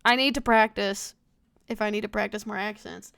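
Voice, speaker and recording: A woman's voice: mid-range voice, fairly even intonation, moderate pace, vocal fry, a bit bright, smooth. An American woman streaming a game, chatting casually to herself, giggling and swearing often. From United States. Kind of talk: casual gameplay commentary.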